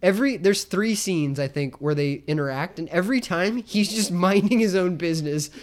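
A man's voice: high voice, normal speed. A tipsy man co-hosting a podcast, chatting casually about a movie in a rambling, profane way, laughing often. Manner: rambling, profane, laughing storyteller who mimics characters. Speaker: podcast co-host.

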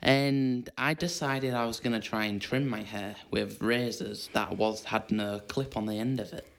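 A man's voice: fairly low pitch, steady tone, unhurried, gravelly. A man hosting a casual podcast, upbeat as he reads out the questions and tells his own stories. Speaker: podcast host.

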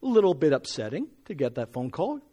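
A middle-aged man delivers a sermon in an earnest, personal tone. His voice sits a little high, and he presses into strong, measured emphasis on key phrases. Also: very animated, dark tone. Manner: earnest, rising to emphatic when reading scripture. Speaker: preacher.

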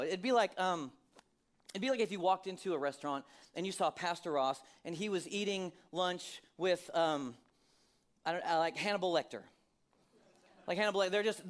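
Male pastor, sermon, high voice, conversational, rhetorical questions. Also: a bit bright. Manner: conversational, asks many rhetorical questions, laughs often.

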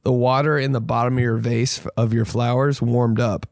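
Profane rambling comedian, dry sound. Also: male voice, mid-range voice, flat delivery, normal speed, vocal fry, no echo. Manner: profane, rambling, jumps into loud mocking voices. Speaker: comedian podcast host. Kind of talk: casual comedic rant.

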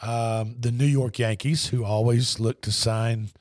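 A man's voice: medium pitch, fairly even intonation, a little slow, a little mellow, dry recording, clean studio sound. A man hosting a sports radio show, telling stories in a rambling, easygoing way. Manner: rambling storyteller with restarts. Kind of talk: casual sports talk.

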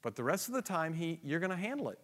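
Emphatic preacher. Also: male voice, on the high side, big pitch swings. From United States. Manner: shifts from quiet, slow asides to loud emphatic questions; acts out dialogue and inner thoughts, laughs often. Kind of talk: sermon.

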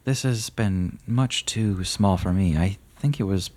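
A man voicing a mysterious cloaked rider who speaks formally and solemnly, with a husky voice. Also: sits low, measured pace, darkish tone, pitched above the performer's own voice. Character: mysterious cloaked male rider, grave and courteous. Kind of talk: tabletop role-play.

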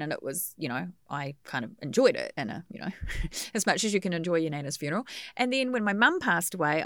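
A woman's voice: lowish voice, fairly bright tone, no echo, clean studio sound. Chatty New Zealand woman in her fifties. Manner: chatty, laughs easily, acts out quoted speech. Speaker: guest, funeral celebrant. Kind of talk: casual interview chat.

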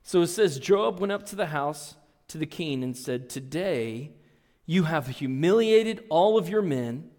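High-voiced man preaching in a reverberant hall. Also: animated, measured pace, darkish tone. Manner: earnest storytelling, reads and retells scripture. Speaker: pastor. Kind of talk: sermon. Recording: long reverb in a large hall.

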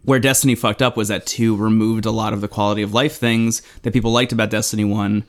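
This podcast co-host has a fairly low voice and talks fast with fairly even intonation. He chats casually and rambles, dropping lots of fillers and the odd swear word.

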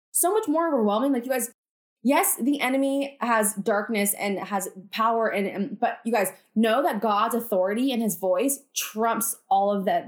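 Talking casually to her listeners about faith, a woman podcaster has a voice on the high side with a darkish tone. Earnest and chatty, she fills her speech with "like" and "you guys" and declares her views with conviction.

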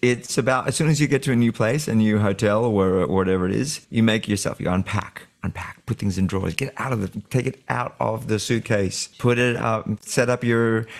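A man talks in a low, gravelly voice. He chats in a relaxed way as a podcast guest and laughs easily. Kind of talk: casual chat.

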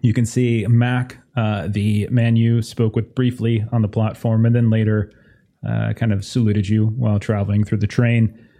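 A man narrating a tabletop horror game as game master, halting with many fillers and restarts. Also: lowish voice, level tone, warm tone.

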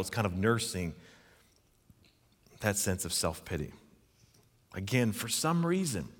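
Male pastor, low register, earnest and emphatic sermon delivery, long hall reverb. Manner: earnest, emphatic, asks the listeners questions.

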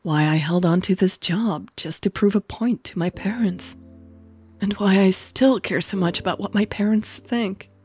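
A woman's voice: mid-range voice, moderate pace, darkish tone, slightly rough, faint music behind, voice pushed up, close to an everyday voice. A woman voicing Natalie, a conflicted young woman in love, speaking in a tired, sighing, downcast way. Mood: weary.

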